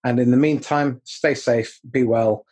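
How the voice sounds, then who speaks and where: A man's voice: medium pitch, steady tone, unhurried, darkish tone, breathy edge. A man hosting a podcast speaks earnestly to his guest, laughs easily, and then signs off the show. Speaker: podcast host. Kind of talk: casual interview chat.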